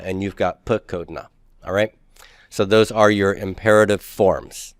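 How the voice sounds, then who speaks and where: Low-pitched man teaching, dry sound. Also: smooth, no room sound. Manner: explanatory, asks the class questions, folksy asides. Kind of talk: recorded lecture.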